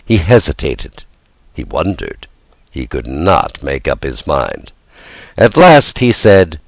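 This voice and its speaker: Deep-voiced, animated storybook narrator man. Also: slow, creaky, dry recording. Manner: lively, theatrical delivery. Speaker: audiobook narrator. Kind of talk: expressive storybook reading.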